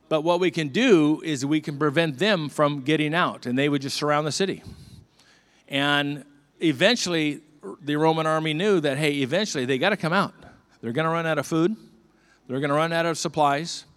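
A middle-aged man preaching a sermon as a pastor, telling stories with lively swings from quiet to loud. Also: on the high side.

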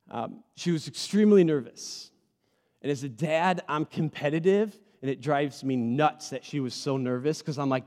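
A man in his thirties preaching a sermon to a congregation, earnest and personal, swinging between loud emphatic bursts and soft, quiet moments. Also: on the high side, moderate pace. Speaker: pastor. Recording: long hall reverb.

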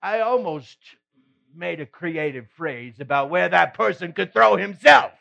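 A folksy fisherman apostle, played by a man, recounts his tale in the first person with a fairly high voice that swoops up and down. He takes his time and laughs along as he goes. The recording sounds dull and lo-fi. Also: animated, unhurried, gravelly, bright, forceful tone, full character voice. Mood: animated. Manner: chuckling, folksy storyteller. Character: the apostle Peter, a middle-aged fisherman telling his story. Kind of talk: first-person dramatic monologue.

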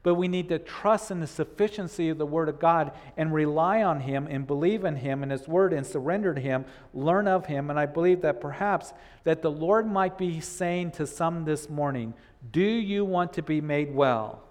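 A man's voice: fairly high pitch, normal speed, few pauses, darkish tone. A male pastor delivers an earnest sermon in a slightly raised voice. He keeps repeating phrases and gives voice to his listeners' doubts. A long reverb trails each phrase, as if recorded in a church hall.

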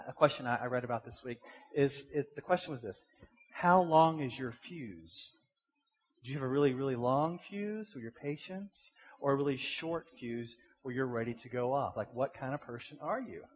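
A man's voice: mid-range voice, animated, normal speed. A middle-aged man, preaching a sermon in a casual, conversational way, full of rhetorical questions and repeated words. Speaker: pastor. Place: church sanctuary. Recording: long hall reverb.

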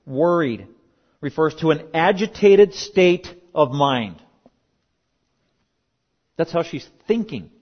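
A middle-aged male pastor giving a sermon in an emphatic, conversational way, with joking asides. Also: on the high side. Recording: dull lo-fi recording.

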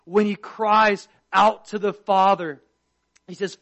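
A pastor preaching a sermon with passion, swinging between loud emphasis and hushed tones as he quotes scripture. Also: high-pitched, level tone, takes it slowly, gravelly. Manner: quotes scripture and acts out prayers.

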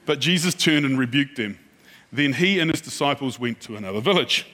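A man's voice: mid-range voice, lively intonation, fairly quick, sharp tone. A man preaching a sermon in a casual, conversational way, reading scripture and often checking in with his listeners. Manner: acts out the people he describes.

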